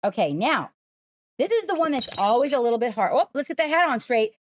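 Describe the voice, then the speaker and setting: A woman's voice: sits high, very animated, brisk, a little hiss or hum. A woman hosting a live stream, coaxing and praising her pet in playful sing-song talk. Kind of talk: live-streamed casual chat.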